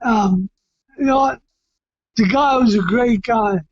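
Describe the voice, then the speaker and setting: Middle-aged man, ex-boxer guest: loud, excitable, unhurried, dry close sound. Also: very high voice, no room sound, lo-fi sound. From Massachusetts. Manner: loud, excitable, often shouting, with frequent restarts and repeats. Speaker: retired heavyweight boxer, guest. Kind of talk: casual storytelling interview.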